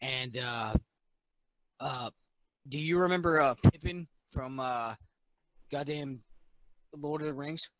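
A tipsy man in casual chat, retelling a movie plot in a rambling, profane, animated way. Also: mid-range voice, takes it slowly, pauses often, dry recording, poor audio. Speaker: podcast guest.

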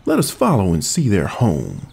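A man's voice: on the low side, wildly swooping pitch, moderate pace, gravelly, a little mellow, husky, heavily acted. A man voicing a curious male bear in a storybook read-aloud, lifting his voice. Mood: scornful.

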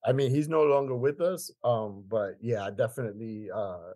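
Husky man in his fifties, emphatic podcast guest, mid-range pitch. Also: moderate pace, mellow. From Queens, New York. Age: 50s. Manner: emphatic, repeats phrases for weight. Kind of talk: conversational storytelling.

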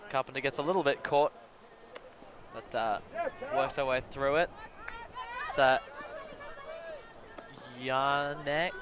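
A man giving live play-by-play commentary at an outdoor sports field, breaking into excited exclamations on big plays. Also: medium pitch, slow, long pauses. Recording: crowd noise from an outdoor field.

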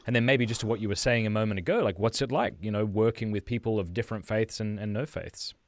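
A man's voice: fairly low pitch, steady tone, fast talker, no room sound, clean studio sound. Jovial male podcast host. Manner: jovial, laughing easily. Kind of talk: casual podcast chat, reading viewer questions.

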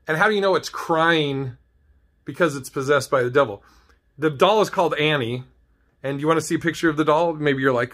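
A man's voice: fairly high pitch, moderate pace, a bit bright. A man ranting comedically on his vlog, swearing a lot, laughing often and rambling from thought to thought. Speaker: vlogger. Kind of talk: comedic rant.

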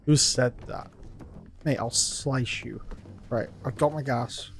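A man's voice: mid-range voice, slow pace, creaky, slight background noise. Jumpy swearing man playing a game. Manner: jumpy, swears often, talks to himself and to game characters. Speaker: gaming video host. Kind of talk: let's play commentary.

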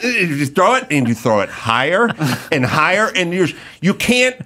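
A man's voice: fairly high pitch, big pitch swings, brisk, sharp tone. A middle-aged man hosting a podcast, telling rambling, profane stories with mock outrage in a casual chat. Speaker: podcast host.

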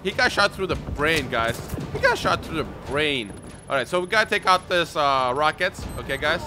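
A young man hosting a gaming channel, giving excitable let's play commentary with loud whoops and shouts. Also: on the high side, moderate pace, background noise. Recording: game music playing underneath.

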